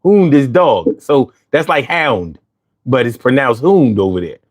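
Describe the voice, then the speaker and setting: A man hosting a casual chat, telling stories with lots of swearing and putting on high voices when he quotes himself. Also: a little slow. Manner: animated storyteller, swears freely, jumps into high voices for quotes. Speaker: host.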